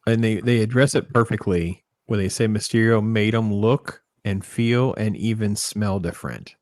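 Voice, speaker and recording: Guy hosting a panel chat, low voice, dry sound, gets animated acting stuff out. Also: normal speed, dry recording. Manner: animated, acts out scenes in quoted voices. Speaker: podcast host. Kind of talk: casual panel discussion.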